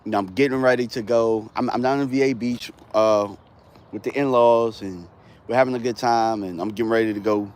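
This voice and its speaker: A man talking football on a casual live stream, animated and rambling, full of slang. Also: on the low side, fairly quick. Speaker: sports streamer.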